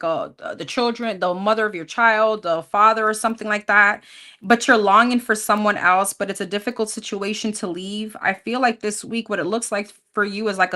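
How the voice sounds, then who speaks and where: A woman's voice: medium pitch, pushed and bright. A woman giving a casual tarot reading, chatty and thinking aloud as she lists cards, with hesitant fillers. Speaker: tarot reader.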